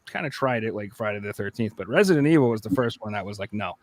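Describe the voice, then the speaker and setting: A man on a podcast, chatting casually and acting out lively voices as he tells a story. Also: fairly low pitch, quick pace, no echo. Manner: animated storyteller, acts out voices. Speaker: podcast co-host. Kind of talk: casual chat.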